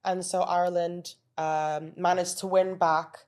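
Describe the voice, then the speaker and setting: A woman's voice: on the low side, level tone, a little slow, darkish tone. A woman being interviewed who talks casually and earnestly, explaining things at length and restarting her sentences. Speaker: interview guest. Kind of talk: casual conversational storytelling.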